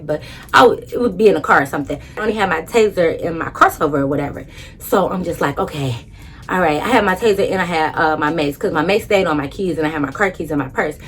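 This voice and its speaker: A woman's voice: lowish voice, a little hiss or hum. A young woman in AAVE telling a dramatic storytime to her viewers, acting out her own thoughts. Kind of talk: casual storytime.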